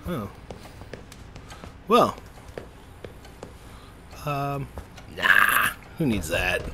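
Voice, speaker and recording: A man's voice: fairly low pitch, big pitch swings, very slow, gravelly, heavy background noise. A man playing a video game and commenting on it in a casual, playful way, often speaking to the characters on screen. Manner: playful, talks to the game characters, jokey asides. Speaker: gameplay streamer. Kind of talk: casual let's-play commentary.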